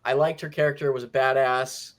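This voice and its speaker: A man hosting a casual movie review chat, animated and jokey, slipping into mock voices. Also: medium pitch, fairly quick. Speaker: movie review podcast host.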